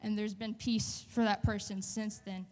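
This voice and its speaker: Woman, church testimony, earnest, halting with fillers, long hall reverb. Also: medium pitch, flat delivery, darkish tone. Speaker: church member giving testimony. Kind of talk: personal testimony.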